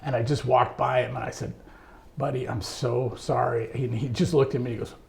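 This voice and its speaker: A man being interviewed, telling a long anecdote about his music career in a lively way, laughing often. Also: medium pitch, fast, gravelly. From United States. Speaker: interview guest, trombonist. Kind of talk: storytelling in casual interview.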